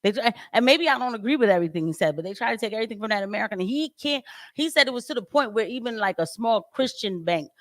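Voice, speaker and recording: A woman's voice: fairly high pitch, lively intonation, fast, no room sound, studio quality. A woman hosting political commentary, talking emphatically and firing off rhetorical questions. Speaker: host.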